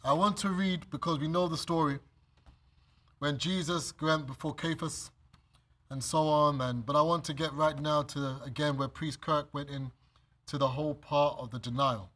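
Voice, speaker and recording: A man with a British accent, preaching a sermon and reading scripture, animated and acting out the scenes. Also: on the high side, moderate pace. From Britain. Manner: animated, acts out scenes, laughs often. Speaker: preacher leading bible study.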